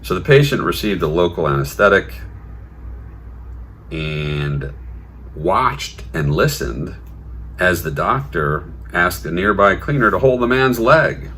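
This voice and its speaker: Slow, deep-voiced man hosting comic news. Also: big pitch swings, bright, forceful tone, a little hiss or hum. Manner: sardonic, puts on silly voices. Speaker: podcast host. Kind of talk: comedic news commentary.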